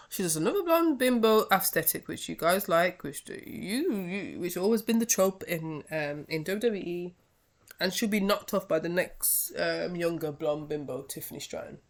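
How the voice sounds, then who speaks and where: A woman's voice: fairly low pitch, animated, moderate pace. A British woman hosting her own wrestling review channel, giving a heated, scolding rant in a casual talking style. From United Kingdom. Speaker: wrestling commentary vlogger.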